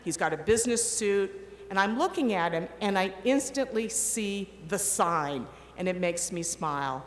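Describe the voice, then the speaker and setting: A woman's voice: medium pitch, moderate pace, slight background noise. Middle-aged woman storytelling in an echoey hall. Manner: animated, acts out quoted voices. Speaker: commencement speaker. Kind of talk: storytelling speech. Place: large ceremony hall. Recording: echoey hall with long reverb, faint ambience.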